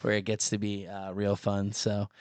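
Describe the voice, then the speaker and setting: A man co-hosting a podcast, telling stories in an animated way with lots of filler words. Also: fairly low pitch, normal speed, no echo. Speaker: podcast co-host. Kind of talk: casual chat.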